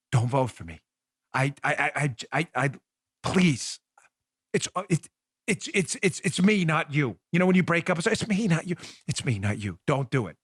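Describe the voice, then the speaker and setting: A fairly high-pitched man hosting a talk podcast, his voice swooping up and down as he rambles in sarcastic mock pleas. He restarts his sentences often. The sound is dry and close to the mic. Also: a bit bright, breathy edge, no echo. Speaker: podcast host. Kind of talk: animated political talk show monologue. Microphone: studio microphone.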